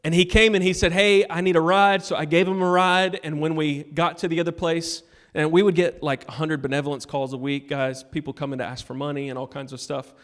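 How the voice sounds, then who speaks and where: A male pastor giving a sermon, telling a personal story and urging the congregation, moving between loud appeals and hushed moments. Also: a little high, flat delivery, brisk, hardly any pauses. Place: church sanctuary.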